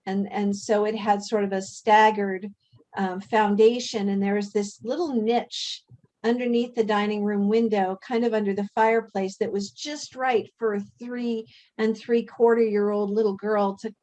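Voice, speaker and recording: A woman hosting a spiritual workshop, speaking in a measured, earnest way and drawing the group in with questions. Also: medium pitch, flat delivery, a little mellow, poor audio. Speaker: workshop host. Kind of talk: reflective spiritual talk.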